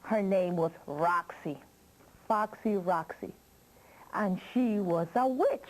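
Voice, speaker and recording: A woman's voice: mid-range voice, slight background noise, low-quality recording. A woman reading a children's story aloud, drawing out her words and asking the listener questions. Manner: slow, drawn-out with questions to the listener.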